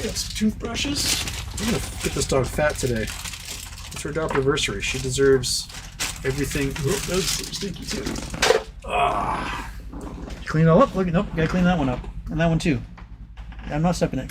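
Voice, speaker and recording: A man hosts a casual livestream in a rambling, playful way, reading out viewer comments and breaking into sing-song talk with his dog. His voice sits somewhat high for a man, and faint noise hums behind him. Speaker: livestream host.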